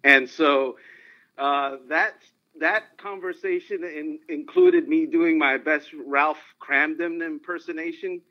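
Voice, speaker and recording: This man's slow, somewhat high voice comes through a dull lo-fi phone connection. He's a sportswriter calling in as an interview guest, telling stories animatedly and laughing often.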